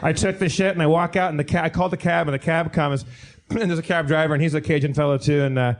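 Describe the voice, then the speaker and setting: A man's voice: on the high side, fairly even intonation, quick pace. A man telling a long rambling anecdote on a live comedy podcast stage, with many restarts. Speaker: podcast regular telling a story. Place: live theater stage with audience.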